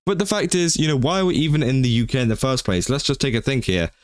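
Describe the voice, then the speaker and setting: A man's voice: mid-range voice, fast, dry recording, studio quality. A man giving casual gaming-news commentary, rambling with lots of fillers and exasperated outbursts.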